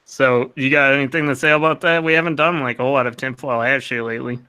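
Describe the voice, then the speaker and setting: A man's voice: mid-range voice, steady tone, fast talker, pushed and bright, clean tone. A man co-hosting a casual tech podcast, reading news items aloud in a profane, offhand way.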